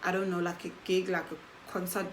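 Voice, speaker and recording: Animated woman telling a story. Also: fairly low pitch, normal speed, slight background noise, poor audio. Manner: animated, acts out quoted dialogue with "I'm like". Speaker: storytelling vlogger. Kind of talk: casual story time.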